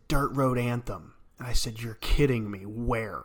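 A man's voice: mid-range voice, normal speed. A man from Arkansas, co-hosting a podcast and telling rambling stories that he laughs through. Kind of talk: casual storytelling chat.

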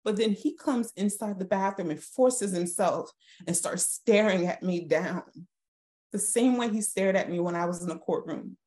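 A woman, a podcast guest, recounting a painful personal story in a halting, emotional way with frequent restarts. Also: mid-range voice, darkish tone. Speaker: guest sharing her story. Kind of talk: personal testimony in a podcast interview.

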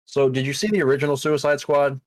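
A man's voice: fairly high pitch, fast, no echo. A man co-hosting a casual podcast, retelling a movie plot scene by scene with quoted lines and casual swearing. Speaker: co-host.

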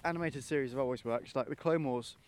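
A man's voice: medium pitch, quick pace, a little mellow, smooth. A young man co-hosting a podcast in easygoing, agreeable chat, steering the talk onward. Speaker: podcast co-host. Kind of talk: casual chat.

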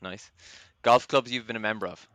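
Bright, clear-voiced Irish man hosting. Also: on the low side, normal speed, no room sound. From Ireland. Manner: chatty and self-deprecating, lots of ums. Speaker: podcast host. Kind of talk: casual podcast chat.

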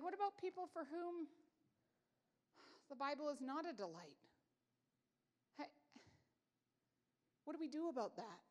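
A woman in her forties giving a conversational sermon as a Bible teacher, telling stories in a chatty, self-deprecating way. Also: high-pitched. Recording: long hall reverb.

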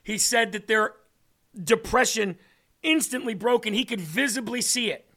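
A man with a high, bright voice delivers a storytelling sermon as host of his show. He acts out each person's words in the story with lively changes of tone. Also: moderate pace. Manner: animated, acts out dialogue in a story. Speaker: host and preacher.

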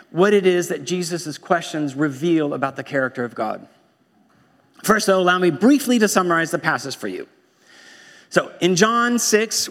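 High-voiced preacher in a reverberant church. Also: male voice, fairly bright tone. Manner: wry, conversational preaching with quoted movie lines. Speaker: pastor. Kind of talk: sermon. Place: church sanctuary.

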